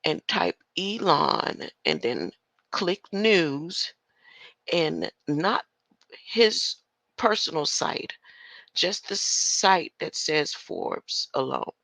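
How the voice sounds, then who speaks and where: An older woman with a gravelly, bright-edged voice delivering a casual livestream rant. She talks slowly and in a confrontational way, with a lively pitch that swoops up and down, and she keeps tossing in rhetorical questions. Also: no echo. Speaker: online commentator.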